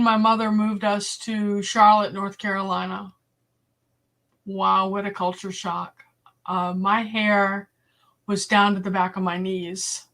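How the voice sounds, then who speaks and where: A woman in her sixties with a Boston accent, casually telling blunt stories to a live chat as host and acting out the voices she quotes. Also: medium pitch. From Boston area. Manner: blunt, animated storyteller, acts out quoted voices. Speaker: livestream host.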